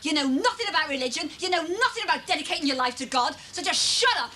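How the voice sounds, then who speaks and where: A woman's voice: sits high, lively intonation, fast, pushed and bright, a little hiss or hum. An actress playing a devout, indignant middle-aged mother, in a soap opera.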